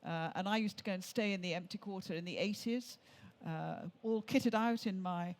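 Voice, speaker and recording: A woman's voice: medium pitch, normal speed. An older woman from England, an author and tour leader, telling chatty travel anecdotes on stage with frequent restarts.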